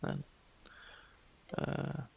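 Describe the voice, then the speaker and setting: A man's voice: drawn-out words, highs cut off, background noise. A man narrating as game master of a tabletop game, explaining the setting and making rulings.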